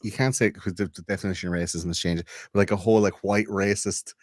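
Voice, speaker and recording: A man's voice: sits low, fairly even intonation, fast, dry recording. A man co-hosting a podcast in casual chat, rambling and swearing with many fillers. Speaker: podcast co-host.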